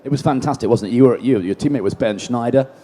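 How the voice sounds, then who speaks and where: A man's voice: medium pitch, fast, warm tone. A man interviewing a guest on a live stage, chatty, asking leading questions with tag endings.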